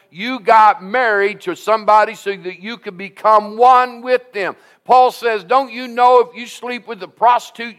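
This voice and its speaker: Reading scripture aloud in King James phrasing, a pastor in his seventies delivers an emphatic, exhorting sermon in a fairly high, fairly bright voice, returning again and again to "listen to me."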